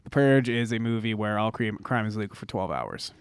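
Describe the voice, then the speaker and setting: A man's voice: on the low side, lively intonation, a little fast, clear, resonant tone, dry recording, clean studio sound. A young man co-hosting a podcast in casual, teasing chat, full of slang and jokes. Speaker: podcast co-host.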